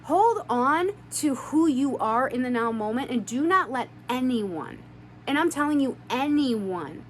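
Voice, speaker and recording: A woman's voice: a little high, a little hiss or hum. A woman telling an emotional story to her viewers in an earnest, spiritual self-help way, swearing now and then for emphasis. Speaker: vlogger.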